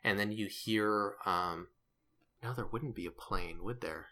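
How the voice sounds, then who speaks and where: Game master, male, low voice with a bright edge, rambling and self-correcting narration. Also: measured pace.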